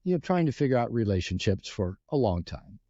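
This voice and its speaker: Warm, lively-pitched man telling stories. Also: brisk, no echo, muffled recording. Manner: earnest and explanatory, frequent restarts, acts out quoted dialogue. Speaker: podcast guest, relationship author. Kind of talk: podcast interview storytelling.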